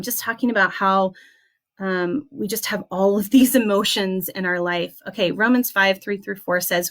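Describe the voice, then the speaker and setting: A young woman speaks earnestly as she leads a small class. Her pitch sits in an ordinary middle range, and her delivery is gentle and heartfelt. She often pauses with soft "um"s. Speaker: essential oils class leader. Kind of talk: heartfelt motivational class talk.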